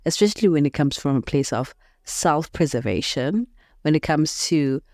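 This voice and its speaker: Woman doing a motivational podcast, lowish voice, dry sound, chill and reflective. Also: expressive, darkish tone, dry recording. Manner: unhurried, reflective, laughs often at her own stories. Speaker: podcast host.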